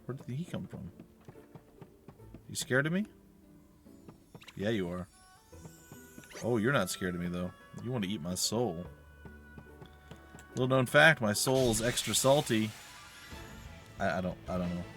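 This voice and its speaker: A man gives casual gaming commentary in a chatty, joking way. His pitch moves around a lot, and he talks straight to the monsters on screen. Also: a bit bright. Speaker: let's play host.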